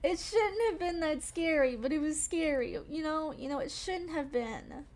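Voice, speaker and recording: A young woman streaming games talks at a normal speed in a high but darkish voice. Still shaken and breathless from a scary game, she rambles casually with her live-stream chat.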